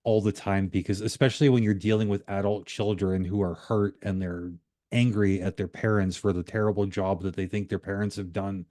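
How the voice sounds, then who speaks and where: Male life coach, mellow low voice, dry close sound, calm and measured. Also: no room sound. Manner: calm, measured, explaining from his coaching work. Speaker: life coach and podcast host. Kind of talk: conversational reflection.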